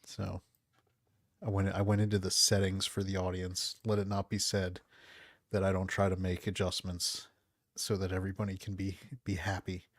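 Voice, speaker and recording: A man hosting a casual podcast, talking in a soft, calm, low-key voice into a close microphone. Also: moderate pace, no room sound. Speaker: podcast host. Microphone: close studio mic.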